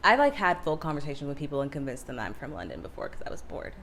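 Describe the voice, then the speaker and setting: A young woman guest musician talking casually in an interview, relaxed and chatty, saying "like" a lot. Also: sits low, rapid-fire, a little hiss or hum. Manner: relaxed, chatty, heavy use of "like".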